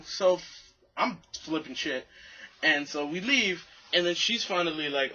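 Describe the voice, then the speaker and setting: Excitable young man telling a rambling story. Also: fairly high pitch, moderate pace, dull audio. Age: young adult. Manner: rambling, excitable, profane, acts out quoted voices. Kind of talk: casual personal storytelling.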